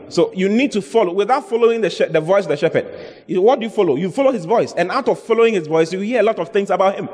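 A man's voice: high voice, quick pace, a little mellow. A male pastor preaching a sermon, emphatic, repeating his phrases for stress. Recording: long hall reverb.

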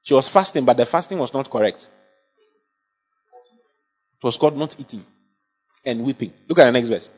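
A man's voice: mid-range voice, animated, moderate pace, pauses often, husky, soft background music. A man preaching a sermon, emphatic and often checking that his congregation follows. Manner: emphatic, asks the congregation for assent. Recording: dull lo-fi sound.

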